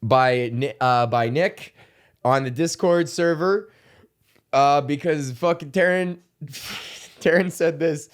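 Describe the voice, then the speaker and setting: A man's voice: on the high side, slow pace, clean tone. A young man hosting a comedy podcast, ranting in a casual, rambling way, swearing and laughing often. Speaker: podcast host.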